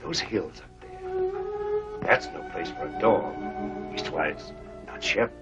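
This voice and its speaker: Folksy old gold prospector, animated voice, dull old film sound, music behind. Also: male voice, fairly low pitch, slow, heavily acted. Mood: tender. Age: older. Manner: folksy frontier talk. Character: weathered old prospector, gruff but tender-hearted. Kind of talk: 1950s film acting.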